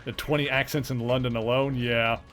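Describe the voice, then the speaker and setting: A man's voice: mid-range voice, little pitch movement, brisk, a bit bright, faint music behind. A man with a mild Canadian accent, chatting casually while streaming a game, rambling with lots of fillers and restarts. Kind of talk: casual chat while gaming.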